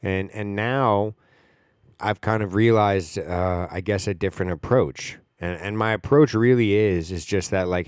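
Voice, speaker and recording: A man's voice: lowish voice, measured pace, smooth, dry recording, clean studio sound. A man hosting a podcast, talking in a rambling casual monologue with lots of fillers and the odd swear word. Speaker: podcast host.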